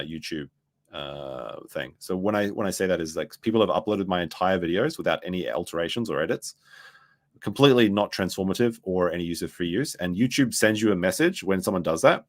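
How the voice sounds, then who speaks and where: Rambling, profane low-voiced male commentator. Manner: rambling, profane, loses his train of thought. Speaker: commentary streamer. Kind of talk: casual commentary.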